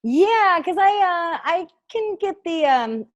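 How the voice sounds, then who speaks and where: A woman co-hosting a casual talk show, playful and quick to laugh as she introduces guests over a video call. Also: very high-pitched, big pitch swings, lo-fi sound. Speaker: co-host.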